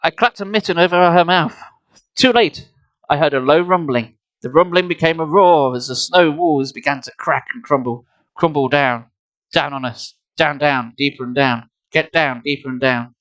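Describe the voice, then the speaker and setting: A man's voice: a little high, moderate pace, fairly bright tone, muffled recording. Man narrating a storybook live. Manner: playful, self-mocking asides between narration. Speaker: streamer reading aloud. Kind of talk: live storybook reading with asides. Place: home streaming setup. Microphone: desk mic, laptop.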